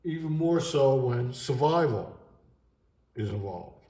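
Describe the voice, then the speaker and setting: A middle-aged man talking in a halting, emotional way in an unscripted vlog monologue at home. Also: mid-range voice, lively intonation, mellow, echoey room. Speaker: vlogger.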